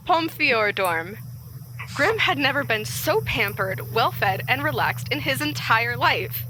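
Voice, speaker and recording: A woman co-hosting a podcast in casual chat and fan fiction reading, giggly and animated, often breaking off mid-sentence. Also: high voice, slow pace, long pauses, slight background noise, poor audio. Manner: giggly, animated, self-interrupting. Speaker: podcast co-host.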